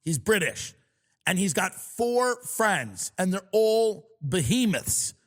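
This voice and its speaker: A man hosting a comedy podcast, ranting in a loud, mocking, exaggerated way. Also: sits high, sing-song, slow. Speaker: podcast host. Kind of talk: comedic rant.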